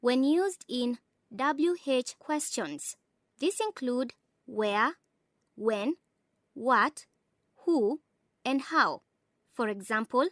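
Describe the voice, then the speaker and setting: Slow, deliberate high-voiced woman teaching. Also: animated, fairly bright tone, no echo, studio quality. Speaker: narrator. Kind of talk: scripted lesson narration.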